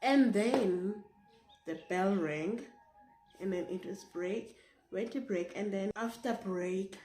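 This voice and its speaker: A woman's voice: medium pitch, slow, soft background music. Indignant South African woman telling a story. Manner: animated, indignant, swears freely. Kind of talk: casual storytime vlog. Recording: echoey room, faint noise.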